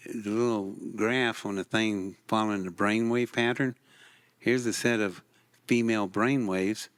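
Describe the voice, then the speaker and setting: A man with a drawl tells his stories in an unhurried, folksy way. His voice sits on the low side, and his delivery is slow and wry. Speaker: expo speaker. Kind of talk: storytelling on stage.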